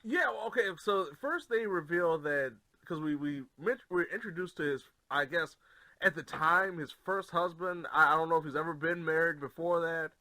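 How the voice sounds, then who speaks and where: A man co-hosting a casual podcast from home, excitable and quick to react, often repeating his agreement. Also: a little high, no echo. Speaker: podcast co-host. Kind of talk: casual chat.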